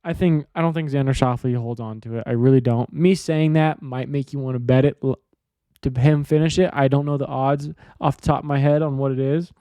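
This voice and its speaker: A man's voice: mid-range voice, fairly even intonation, a little fast, warm tone, smooth, no echo. A man hosting a sports podcast in a casual monologue, rambling and offhand, swearing freely. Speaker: podcast host.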